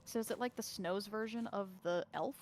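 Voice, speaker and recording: A woman's voice: medium pitch, moderate pace, a little hiss or hum. A woman playing a video game with a friend, chatting in a giggly, chatty way. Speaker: game streamer. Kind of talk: casual gameplay chat.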